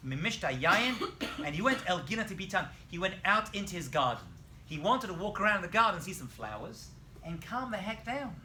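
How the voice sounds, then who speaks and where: A man, a rabbi, teaching a lively Bible lesson in a classroom, telling the story with animation and quizzing his students. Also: high voice, brisk, a little hiss or hum.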